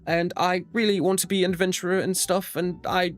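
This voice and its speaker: A man's voice: high voice, level tone, brisk, faint music behind, pitched above the performer's own voice, natural voice. A man voicing a whiny, nervous young male would-be adventurer who stammers hesitantly.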